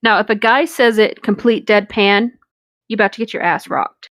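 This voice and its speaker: A woman's voice: mid-range voice, moderate pace, fairly bright tone, no echo. A woman, reading a story aloud and bantering with crude jokes and frequent laughter. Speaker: story reader and co-host.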